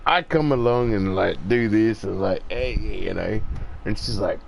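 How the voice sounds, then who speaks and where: A man's voice: lowish voice, unhurried, vocal fry. A middle-aged man in a rambling, profane monologue, getting worked up as he rants.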